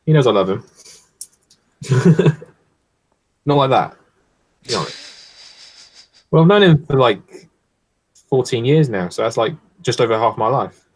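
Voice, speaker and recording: A man's voice: mid-range voice, lively intonation, measured pace, long pauses, a little mellow, slightly rough. A man in his twenties joking and teasing in a casual live stream chat. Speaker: co-host.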